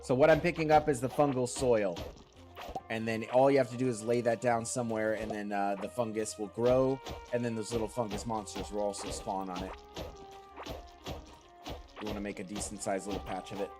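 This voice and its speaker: A man's voice: lowish voice, steady tone, brisk, a little mellow. A man streamer giving casual, rambling gameplay commentary and answering his chat, still congested from a lingering cold. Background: game music.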